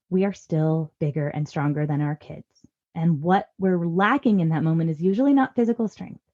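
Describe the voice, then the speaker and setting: A woman's voice: medium pitch, narrow, tinny audio. A woman in her thirties giving earnest, reassuring parenting advice in a podcast conversation. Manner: earnest and reassuring, acts out parent lines softly. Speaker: parenting guest expert.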